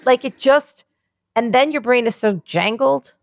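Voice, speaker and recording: A woman co-hosting a podcast in casual chat, rambling excitedly and swearing freely. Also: a little high, unhurried, gravelly, no echo. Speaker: podcast co-host.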